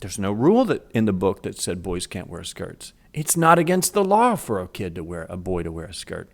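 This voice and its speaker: A middle-aged man telling a story from his school days in a casual, animated way. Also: low-pitched, moderate pace, creaky. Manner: animated, acts out voices in quotes. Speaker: vlogger telling a childhood story.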